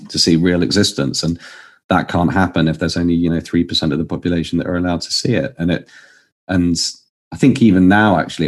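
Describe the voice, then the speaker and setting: The voice is a man's and sits very low, deep and grounded. He talks as an interview guest, earnest and searching, circling back and restarting as he works his thoughts out loud. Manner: earnest, thinking aloud with many restarts. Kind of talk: conversational interview.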